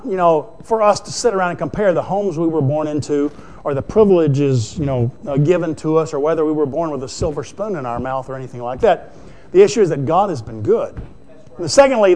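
High-voiced folksy preacher, a man. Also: a little mellow. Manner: folksy, conversational, rhetorical questions. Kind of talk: sermon.

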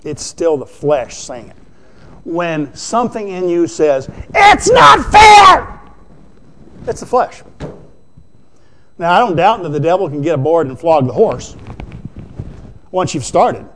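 A man with a high voice preaches in a homespun, conversational way. He keeps asking the congregation rhetorical questions and talks to them as if they were neighbours. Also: lively intonation, moderate pace, a little mellow, a little hiss or hum. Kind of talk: sermon.

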